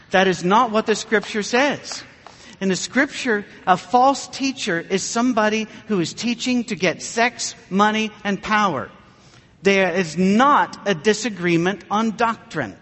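A man delivers a sermon full of wry anecdotes, mocking himself with a dry wit. His voice sits high for a man, and it rings out with a long reverb, as if through a large church hall. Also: a bit bright. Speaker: preacher. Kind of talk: humorous sermon with storytelling.

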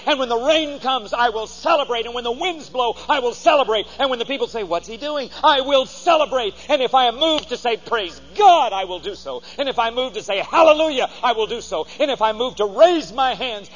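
A pastor preaching a sermon, theatrical and animated, leading the congregation to repeat lines, in a dull recording with long hall reverb. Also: male voice, very high-pitched, normal speed, few pauses.

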